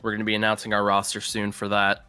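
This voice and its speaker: A man casting an esports match, giving measured, detailed breakdowns of the plays. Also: fairly low pitch, monotone, sharp tone, smooth, no room sound, soft background music. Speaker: esports caster. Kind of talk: game analysis commentary.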